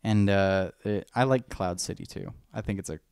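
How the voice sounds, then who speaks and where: A man's voice: lowish voice, moderate pace, a little mellow, clean tone, no echo, studio quality. A man co-hosting a podcast, chatting casually and enthusiastically, rambling and acting out movie lines. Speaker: podcast co-host. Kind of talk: casual fan chat.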